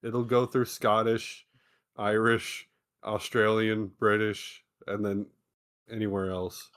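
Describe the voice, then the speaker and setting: A man on a casual podcast, pushing back with dry, deadpan remarks. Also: on the low side, slow pace, smooth, dry recording. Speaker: podcast co-host.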